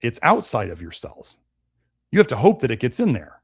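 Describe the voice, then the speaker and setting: A man hosts a nutrition live stream, talking bluntly and casually as he answers viewer comments. His voice sits at a middle pitch. The sound is dry and close. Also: moderate pace, husky, no echo. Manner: blunt, conversational, animated. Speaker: nutrition show host.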